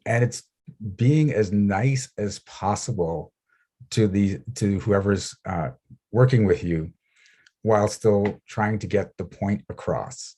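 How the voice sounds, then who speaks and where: A man talks as a guest over a video call, spinning anecdotes and laughing between them. His voice sits a little low and carries a husky edge. He slips into little acted-out quotes as he goes. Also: slow pace. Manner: animated storyteller, laughs often, acts out quoted people. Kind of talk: casual interview chat.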